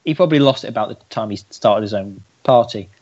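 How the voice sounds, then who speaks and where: A man's voice: lowish voice, fast, a little mellow, muffled recording. A man co-hosting a podcast, joking and sarcastic in casual banter. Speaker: podcast co-host.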